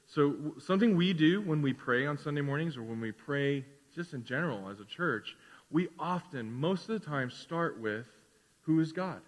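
A man preaching a sermon as pastor, animated, swinging between loud declarations and quiet asides. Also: fairly high pitch, moderate pace, in a large hall. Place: church sanctuary.

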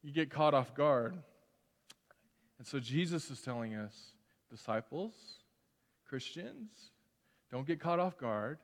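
A middle-aged man preaching a sermon as pastor in a church, animated and conversational, acting out quoted voices. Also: mid-range voice, slow pace, long pauses. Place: church sanctuary. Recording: long hall reverb.

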